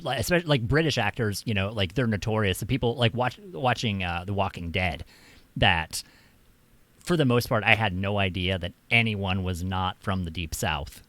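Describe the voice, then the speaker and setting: A man with an American accent, hosting a casual stream chat in a relaxed, rambling way with many fillers. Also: lowish voice, moderate pace, dry recording. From United States. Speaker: streamer host.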